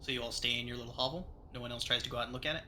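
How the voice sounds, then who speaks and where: A man serving as game master, narrating a frozen tabletop adventure in a measured, descriptive way. His voice is bright and forward, with a faint hiss of noise underneath. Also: mid-range voice, steady tone.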